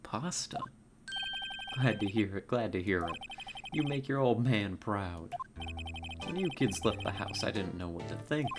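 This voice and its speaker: A woman's voice: very deep voice, expressive, a little slow, long pauses. Woman doing a fretful old Southern caretaker. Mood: gruff. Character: worried old male lakeside caretaker. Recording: game music underneath.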